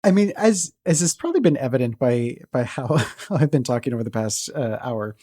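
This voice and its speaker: Very deep-voiced woman chatting. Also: animated, fairly quick, warm tone. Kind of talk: casual chat.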